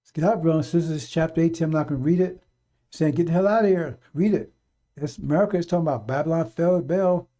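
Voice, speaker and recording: A man preaching on a live radio stream, raising his voice to urge his brothers and sisters and then dropping to a low mutter. His talk is blunt, repetitive and profane. His voice sits a little high for a man and sounds mellow and dark. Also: fast. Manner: urgent and repetitive, swings from loud exhortation to low muttering.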